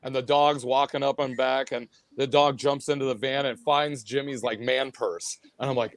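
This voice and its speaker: Guy from a band telling stories on a podcast, middle pitch, dry mic, lively storyteller. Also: fairly quick, few pauses, no room sound. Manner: animated storyteller, acts out what others said. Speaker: guest musician, band vocalist and bassist. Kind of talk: casual interview chat.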